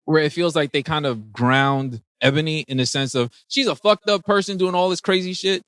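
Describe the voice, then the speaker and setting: A man's voice: a little high, moderate pace, fairly bright tone, clear, resonant tone, no echo. A man co-hosting a podcast, talking in laid-back, slangy and profane banter and laughing often. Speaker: podcast co-host. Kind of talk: casual movie-review chat.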